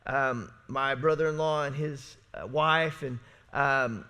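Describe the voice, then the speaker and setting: A man, a pastor, preaching a sermon in a church in a conversational, storytelling way, often asking "right?" and swinging between loud, emphatic lines and hushed, low passages. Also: fairly even intonation, slow, clean tone. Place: church sanctuary.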